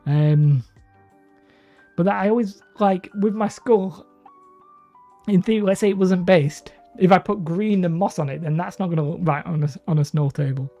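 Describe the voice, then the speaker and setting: Faint music plays under dull, lo-fi audio as a woman hosts her hobby stream, chatting with viewers about their comments and rambling between bouts of laughter. She speaks at a normal speed in a lowish, warm voice.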